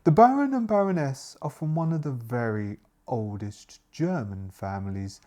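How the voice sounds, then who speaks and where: A man plays a hunchbacked butler in a horror tabletop game. The butler speaks in a formal, courteous way. His pitch moves a lot from line to line. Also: animated, moderate pace, mellow, close to an everyday voice. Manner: formal, stately speech.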